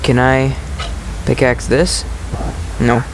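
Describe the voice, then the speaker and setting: A man commenting live as he plays a horror game, jokey and quick to shriek when startled. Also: mid-range voice, little pitch movement, slight background noise. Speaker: gamer playing a horror game.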